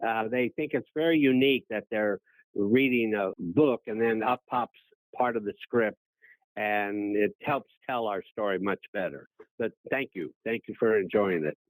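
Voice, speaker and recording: A man's voice: on the low side, normal speed, dry recording, poor audio. A man in his eighties, a guest on a radio interview, telling anecdotes in a gracious way. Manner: gracious, anecdotal, animated when quoting others. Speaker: interview guest, former child actor. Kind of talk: storytelling in an interview.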